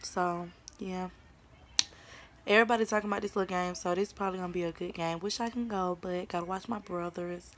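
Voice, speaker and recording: A woman's voice: fairly low pitch, fairly even intonation, very fast, hardly any pauses, a little hiss or hum. A teenage girl from Atlanta with a Southern accent, chatting casually to her phone camera at home as a vlogger, full of slang and "y'all". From Atlanta, Georgia. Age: teens. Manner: chatty, informal slang, says "y'all" a lot. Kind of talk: casual vlog chat. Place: at home indoors. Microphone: phone camera held close.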